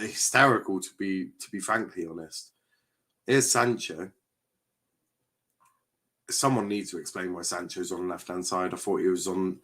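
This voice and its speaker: A man's voice: low-pitched, fairly bright tone. A man hosting a live football watchalong stream, reacting with exasperation and frequent swearing as he chats to viewers.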